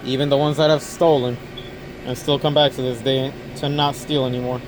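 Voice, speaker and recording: A man's voice: medium pitch, level tone, a little fast, noisy background. A young man working an overnight store shift, talking casually to camera in a rambling, earnest way that repeats itself. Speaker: overnight convenience store clerk.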